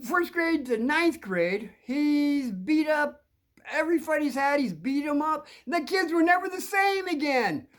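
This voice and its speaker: A gossipy young schoolboy, as an older man puts him on, high above his usual voice. He stretches words slowly, excited and a little breathless with the news he spreads. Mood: warning. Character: eager young boy, gossipy classmate.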